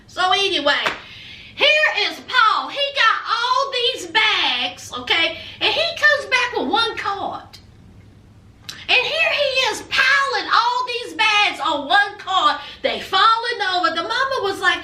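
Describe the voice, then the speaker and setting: Sassy high-voiced woman recapping TV. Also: slow pace, roomy sound, recorded from a distance. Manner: animated, sassy storytelling with frequent "honey". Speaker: reality TV reviewer. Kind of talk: casual recap commentary.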